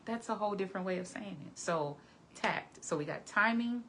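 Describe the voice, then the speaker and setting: A woman's voice: mid-range voice, normal speed, fairly bright tone, a little hiss or hum. A woman therapist giving relationship advice straight to camera, earnest and direct, often checking in with "okay?". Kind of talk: conversational advice talk to camera.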